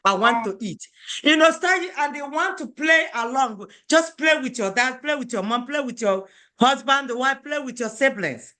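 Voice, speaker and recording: A woman's voice: high-pitched, normal speed, pushed and bright. A woman teaching an adult beginners' language class, coaxing her students and switching between English and Igbo phrases. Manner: encouraging, coaxing, repeats phrases often.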